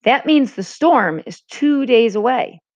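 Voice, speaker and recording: A woman's voice: on the high side, expressive, measured pace, darkish tone, no echo, voice pushed up. A woman reading as a rambling old sea captain. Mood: genial. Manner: rambling, chuckling. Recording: dull lo-fi recording.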